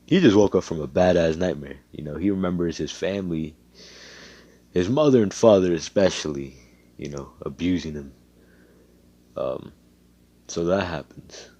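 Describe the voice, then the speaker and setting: A young man tells a fan story in a loose, rambling way, full of slang and swearing. His voice sits low. The sound is dry and close. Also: a little slow, pauses often, dark tone, dry recording. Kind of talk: casual fan story narration.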